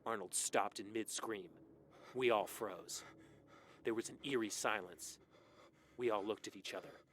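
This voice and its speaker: A man's voice: on the low side, unhurried, a bit bright, a little hiss or hum. A man narrating a scripted horror story with dramatic delivery.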